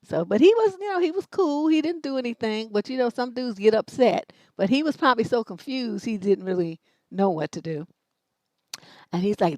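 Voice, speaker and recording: On the high side and a little mellow, this woman's voice is expressive and moves at normal speed, with no room sound. She's a middle-aged livestream host giving relationship advice, blunt, brash, and heavy on the swearing.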